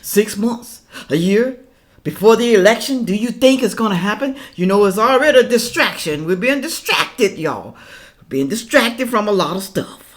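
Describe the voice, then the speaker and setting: A woman ranting to her viewers in a vlog, scolding and preachy, swinging from loud outbursts to hushed asides. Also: medium pitch, expressive, normal speed. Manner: preachy, scolding, addresses viewers as y'all and people. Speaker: political commentary vlogger. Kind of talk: casual reaction vlog rant.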